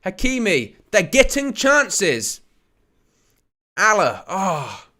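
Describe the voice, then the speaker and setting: A man hosts a live football watch-along, calling the play with a high, bright voice. He jokes with his viewers and laughs often, then rises to excited shouts when a chance goes close. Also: extremely slow. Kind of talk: live play-by-play commentary and chat.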